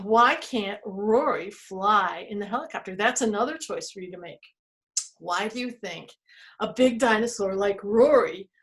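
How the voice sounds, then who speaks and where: A woman storyteller reading an interactive story to children, playful and expressive, asking her listeners questions. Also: mid-range voice.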